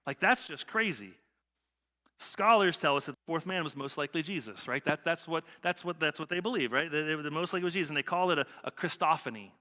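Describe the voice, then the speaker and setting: A man's voice: fairly high pitch, animated, fast, sharp tone. A man preaching a sermon as pastor, talking casually and conversationally and tagging lines with "right?". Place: church sanctuary. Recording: church hall reverb.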